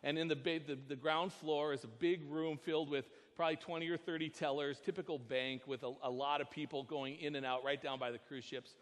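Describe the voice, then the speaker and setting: An American man preaching a sermon as pastor, telling a personal story with animated voices for the dialogue. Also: a little high, fairly quick, hardly any pauses. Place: church sanctuary. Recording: long church reverb.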